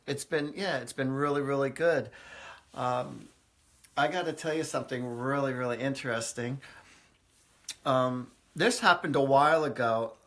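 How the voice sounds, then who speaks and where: A man's voice: medium pitch, fairly bright tone. A man hosting a live stream as a psychic, telling stories in a chatty way with many fillers, often laughing. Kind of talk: casual live-stream storytelling. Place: indoors, live video stream.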